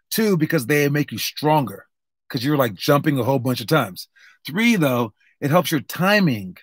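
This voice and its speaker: A man's voice: a little high, fairly bright tone, dry recording, studio quality. A young man coaching basketball drills in a casual, rambling, upbeat way, full of fillers and restarts. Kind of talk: casual instructional talk.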